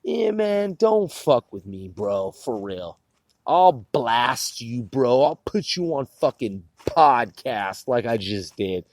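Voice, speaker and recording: A man's voice: mid-range voice, sing-song, slow, no room sound. Man venting angrily into a phone, swearing a lot, with a dry, close sound. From Puget Sound area. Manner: profane, repetitive, heated. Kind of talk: angry rant to camera.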